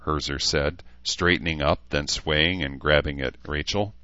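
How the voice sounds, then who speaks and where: A man reading an audiobook as narrator with steady, even storytelling. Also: very deep voice, measured pace, hardly any pauses, no room sound. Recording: dull lo-fi dry recording.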